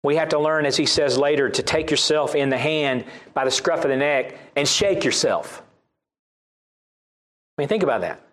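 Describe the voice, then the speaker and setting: Southern man preaching, slightly high voice. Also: normal speed, a bit bright. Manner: reads scripture aloud, repeats key phrases for emphasis. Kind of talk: sermon.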